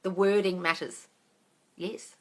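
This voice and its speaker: A woman's voice: lowish voice, steady tone, takes it slowly. A woman answering viewer questions on a live stream as a manifesting coach, blunt and sweary, calling viewers darling. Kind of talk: livestream Q&A.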